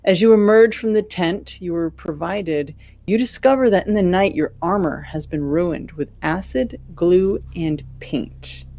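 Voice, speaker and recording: A woman as game master, narrating a tabletop game in a measured descriptive way. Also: fairly low pitch, creaky, warm tone, no echo.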